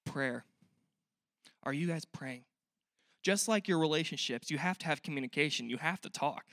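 A man's voice: a little high, moderate pace, a bit bright, no echo, studio quality. A young man preaching a sermon in a church, earnest and conversational, often asking the listeners questions. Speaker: pastor.

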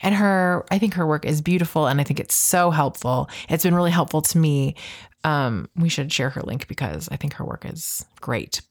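A woman co-hosting a podcast, telling a story in casual chat, animated and laughing, acting out the voices she quotes. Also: low voice, normal speed. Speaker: podcast co-host.

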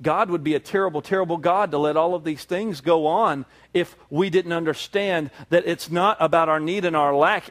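High-voiced preaching man. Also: a bit bright. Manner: preaching, rising to emphatic peaks with repeated phrases. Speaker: pastor. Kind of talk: sermon.

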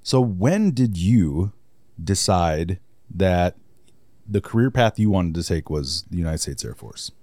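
A man's voice: deep voice, big pitch swings, a little slow, warm tone, no room sound, studio quality. A man hosting a podcast in an easygoing, teasing way. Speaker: podcast host. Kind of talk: casual podcast interview.

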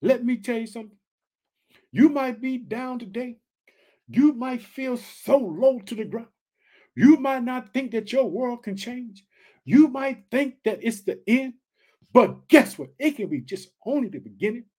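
Fired-up high-voiced man preaching. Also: lively intonation, measured pace, warm tone. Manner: fired-up, exclamatory, addresses listeners as family; reads scripture aloud then comments. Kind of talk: energetic Bible study sermon.

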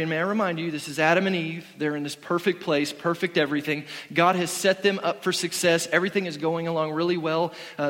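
A man's voice: a little high, fairly bright tone. Earnest preaching man in a reverberant hall. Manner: earnest, conversational preaching with frequent restarts. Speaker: pastor. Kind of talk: sermon.

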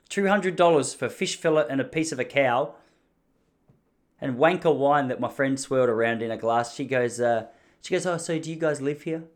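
A young Australian man, a podcast host, telling a comedic story in an animated, ranting, self-mocking way. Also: mid-range voice.

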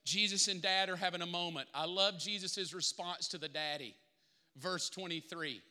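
Male pastor, animated sermon, high and bright, long church reverb. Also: normal speed, clear, resonant tone. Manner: animated, acts out Bible characters.

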